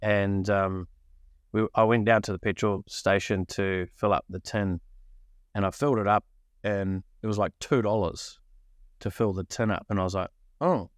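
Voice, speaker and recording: Guy from new zealand telling stories on a podcast, lively, acts out the voices, smooth tone. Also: on the low side, moderate pace, no room sound, studio quality. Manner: animated, acts out quoted voices. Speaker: podcast co-host. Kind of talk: casual storytelling.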